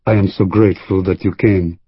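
A scruffy, intense Frenchman with a French accent pleads his innocence in soft, overly polite tones, as an audiobook narrator puts him on. The voice is husky and somewhat low. It is recorded dry and slightly muffled. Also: fairly even intonation, brisk, no room sound. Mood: pleading. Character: scruffy, intense French widower under suspicion.

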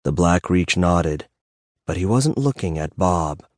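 Male fantasy audiobook narrator, measured and slow, dry studio sound. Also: low voice, no room sound. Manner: measured, even storytelling.

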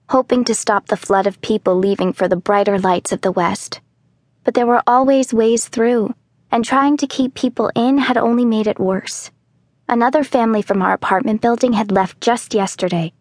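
A woman narrating a children's audiobook in the first person, telling the story calmly and clearly. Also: fairly high pitch, normal speed, dry recording. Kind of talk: scripted narration.

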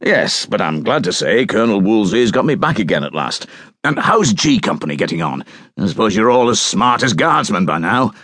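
A man's voice: on the low side, big pitch swings, normal speed, fairly bright tone, no echo, clean studio sound. A man voicing a cheerful middle-aged soldier who talks in a hearty, jovial way.

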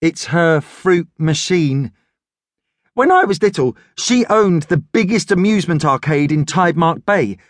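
A man's voice: a little high, lively intonation, a little slow, no echo, clean studio sound, voice pushed up. A man voicing an eager, imaginative young boy in an audiobook, talking in an earnest, chatty way.

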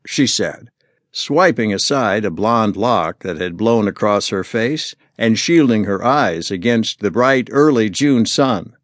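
Guy reading a mystery audiobook, slow and bouncy, dead dry studio sound. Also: on the low side, no room sound. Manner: measured, expressive storytelling. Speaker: audiobook narrator. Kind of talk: scripted narration.

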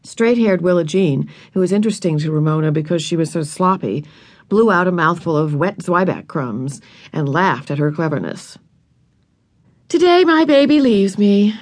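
A woman narrating a children's audiobook in a measured, expressive storytelling voice, recorded close to the mic. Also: lowish voice.

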